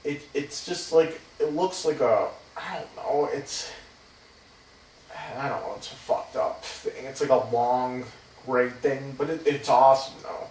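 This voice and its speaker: A man's voice: medium pitch, measured pace, a little mellow, slight background noise. Rambling man recorded from afar. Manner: rambling, hesitant, swears casually. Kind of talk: rambling personal storytelling. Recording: roomy, distant from the mic.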